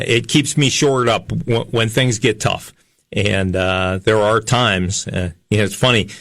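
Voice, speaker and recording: A man in his fifties hosting a health talk show, speaking earnestly and haltingly with frequent pauses. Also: lowish voice, vocal fry, fairly bright tone, no room sound, studio quality. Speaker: health show host, chiropractor. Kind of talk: radio health talk monologue.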